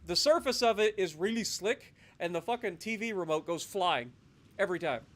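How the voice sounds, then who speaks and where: A man streaming live gameplay, commenting casually and breaking into loud, profane rants. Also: sits high, lively intonation, normal speed. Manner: profane, swings into loud ranting. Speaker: gaming livestreamer.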